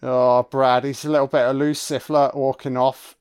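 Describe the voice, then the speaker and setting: A man's voice: mid-range voice, level tone, moderate pace, a little mellow, clear, resonant tone. A man giving a casual, profane and sarcastic film commentary as host.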